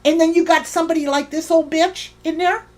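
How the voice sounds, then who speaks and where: A woman's voice: very high voice, level tone, quick pace. A woman hosting a livestream, ranting heatedly and swearing while greeting viewers in her chat by name. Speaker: livestream host.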